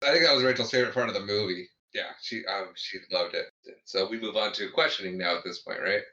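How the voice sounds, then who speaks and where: A man's voice: on the low side, fast, sharp tone, distant mic. A man co-hosting a podcast, chatting casually about a film, laughing along and joking back. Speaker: podcast co-host. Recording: roomy dull lo-fi mic.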